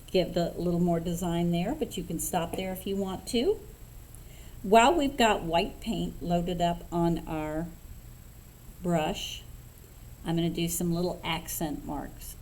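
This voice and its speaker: A woman talking through a painting tutorial step by step, relaxed and unhurried, thinking aloud with fillers as she paints. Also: lowish voice, a little hiss or hum, rough recording. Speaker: craft instructor.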